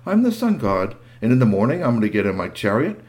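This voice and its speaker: Brief: man playing a boastful sun-god dad, booming and lively, storybook telling. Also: fast, lightly acted. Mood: proud. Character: proud middle-aged father sun god.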